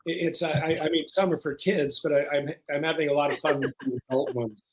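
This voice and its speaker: An older man speaking as a guest in a casual interview, relaxed with dry humor. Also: fairly high pitch, fast, a loud crowd, low-quality recording. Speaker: guest filmmaker.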